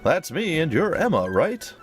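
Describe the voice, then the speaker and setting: A man's voice: on the high side, huge pitch swings, measured pace, soft background music, voice pushed up. Zimmer, a man doing a breezy ex-bandit. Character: easygoing male ex-bandit anarchist.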